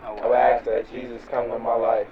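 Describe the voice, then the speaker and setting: A man's voice: sits high, big pitch swings, a little fast, phone-quality sound, over a noisy crowd. A young man playing a weary young man who is sick of street life, agitated and swearing in a skit. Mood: subdued. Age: young adult. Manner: agitated, swearing, then repeating a prayer. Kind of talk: dramatic skit. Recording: street recording with traffic noise.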